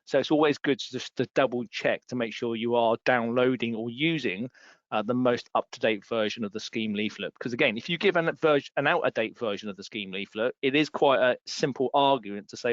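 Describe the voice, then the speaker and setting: A man walks listeners through landlord rules in a webinar, explaining with steady emphasis and repeating his main points. His voice sits at an ordinary middle pitch. The recording is dry and slightly dull, like a lo-fi online call. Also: fairly quick, no echo. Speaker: property law trainer. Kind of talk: webinar presentation.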